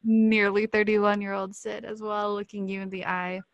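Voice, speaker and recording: A woman hosts a podcast in a mid-pitched voice, effusive and animated. Her voice is recorded dry and close, with no room sound. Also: normal speed, dry recording, dull audio. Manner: effusive, warm praise, animated. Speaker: podcast host. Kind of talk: casual interview chat.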